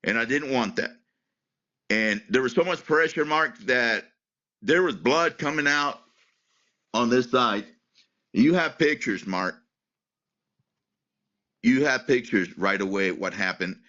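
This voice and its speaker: A man telling an interviewer a personal story, often halting, repeating words and restarting his sentences. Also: mid-range voice, expressive, sharp tone. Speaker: interviewee, retired Air Force veteran. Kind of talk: emotional personal account in an interview. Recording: muffled, lo-fi recording.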